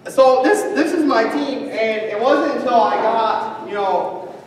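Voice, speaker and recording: High-voiced man telling stories in an echoey hall. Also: measured pace, slight background noise. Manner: animated, swears often, laughs a lot. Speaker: speaker at a training event. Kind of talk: casual storytelling talk. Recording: echoey hall, distant mic, audience.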